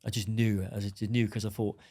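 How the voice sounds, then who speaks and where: A man's voice: lowish voice, flat delivery, fast, dark tone. A middle-aged man, bluntly telling his story as a podcast guest and acting out the dialogue. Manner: blunt, swearing, acts out dialogue. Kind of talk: storytelling interview.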